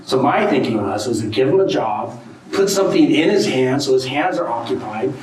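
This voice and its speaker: A middle-aged man, a guest speaker, telling an anecdote to an audience in a casual, animated way, with frequent "you know" and "right?". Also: medium pitch, fairly quick. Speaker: guest speaker, tribal art collector. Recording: very echoey room, distant mic, faint ambience.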